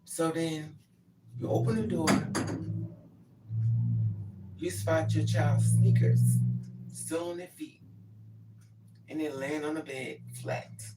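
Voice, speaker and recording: A woman's voice: sits low, big pitch swings, takes it slowly, long pauses, distant mic, heavy background noise. A grieving mother giving an impassioned, repetitive spoken monologue. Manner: impassioned, repetitive, acts out pleading quotes.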